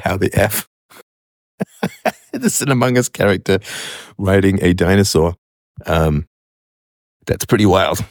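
Very deep-voiced man musing on clips. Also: no echo, clean studio sound. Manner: musing, conversational, with frequent fillers. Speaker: commentator reacting to online videos. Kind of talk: casual reaction commentary.

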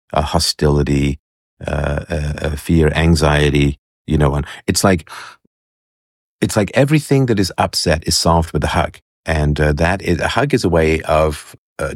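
A man giving commentary as he reads an article and reacts to a clip, halting with fillers and scornful asides. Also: very deep voice, dry recording, studio quality.

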